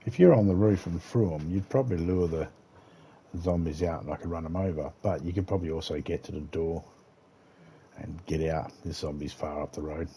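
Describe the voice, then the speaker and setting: A man with a very low voice chats while streaming a game. He rambles from topic to topic in a crude, jokey way, with faint noise behind him. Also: fairly even intonation, fairly quick, warm tone. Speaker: gaming streamer. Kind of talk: casual chat while gaming.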